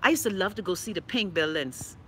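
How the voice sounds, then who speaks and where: Bahamian woman, live-stream host, sassy and profane, bright tone, slightly scratchy throat. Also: on the low side, animated, brisk. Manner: sassy, blunt, profane, chatty. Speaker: live-stream host reading viewer comments. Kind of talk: casual live-stream chat.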